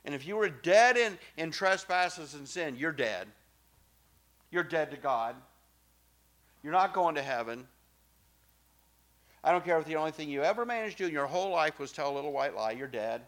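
A middle-aged male pastor preaching a sermon, emphatic and swinging from soft, low asides to loud exclamations. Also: animated, moderate pace, long pauses.

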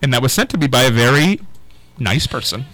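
A man hosting a local morning radio show in a studio, chatting casually with co-hosts and callers, animated and self-deprecating with many restarts. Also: mid-range voice, a little fast, rough recording. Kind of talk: casual on-air banter and call-in. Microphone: studio microphone.

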